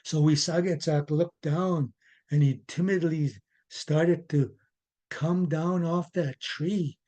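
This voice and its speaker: A man with a rather high voice tells a traditional tale at an unhurried pace. He speaks deliberately, pausing to explain words from his own language. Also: steady tone, dark tone. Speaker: storyteller and educator. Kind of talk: traditional oral storytelling.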